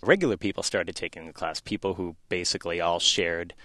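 A deep-voiced man from South Boston, interviewed on the radio about a news story he reported. He talks in a relaxed, conversational way, often pausing with fillers. The studio sound is dry and close. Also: no room sound. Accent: faint Boston, mostly neutral American. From South Boston, USA. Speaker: newspaper reporter, guest.

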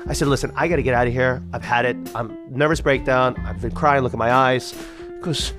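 A man in his thirties telling a personal story in the first person, animated and acting out the people in it. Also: medium pitch, brisk, over music. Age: 30s.

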